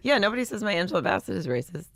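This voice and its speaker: A woman's voice: medium pitch, big pitch swings, racing, gravelly, dry recording. A woman co-hosting a comedy podcast, dropping dry, laid-back quips in casual banter.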